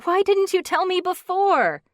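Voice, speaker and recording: A woman's voice: high-pitched, lively intonation, moderate pace, a bit bright, no room sound, clean studio sound, pitched above the performer's own voice. A woman reading an audiobook, voicing an emotional young wife in a raised, wobbly, pleading voice. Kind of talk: audiobook character voice.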